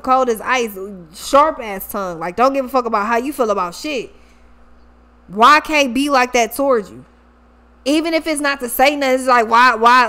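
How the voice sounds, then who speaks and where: Tarot reader, woman, high voice, casual, cursing and slangy. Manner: profane, slangy, animated.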